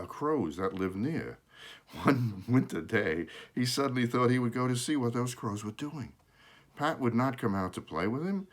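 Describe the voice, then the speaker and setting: A man reading a children's book aloud, with casual asides to show the pictures and small self-corrections along the way. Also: fairly low pitch. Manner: shows pictures while reading.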